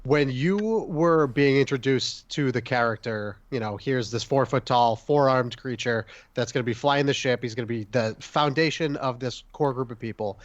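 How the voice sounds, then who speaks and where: A man's voice: mid-range voice, normal speed, hardly any pauses, no room sound, dull audio. Rambling male podcast host, dry sound. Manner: asks long, rambling questions. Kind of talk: casual podcast interview.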